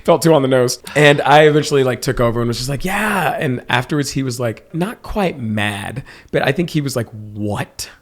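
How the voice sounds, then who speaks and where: A man's voice: medium pitch, fairly quick, few pauses. A man in his thirties co-hosting a podcast, telling a story casually, laughing often and acting out quotes. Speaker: podcast co-host.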